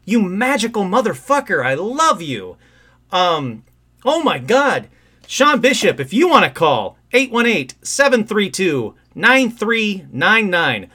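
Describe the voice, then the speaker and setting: Excitable man hosting a livestream. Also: high-pitched, slow. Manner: excitable and rambling, with sudden outbursts. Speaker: host of a call-in livestream show. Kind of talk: casual live-stream chat. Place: at home.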